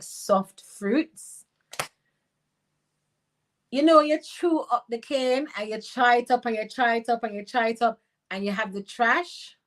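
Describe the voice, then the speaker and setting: A middle-aged Jamaican woman with a fairly high voice hosts a casual livestream. She talks in a blunt, animated way and slips into patois as she reads out her viewers' chat. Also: rough recording.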